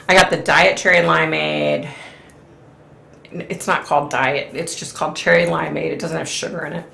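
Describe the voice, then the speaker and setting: A woman's voice: lowish voice, vocal fry, fairly bright tone, roomy sound. A middle-aged woman hosting a live stream from home, chatting casually in a rambling way and laughing often. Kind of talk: casual chat.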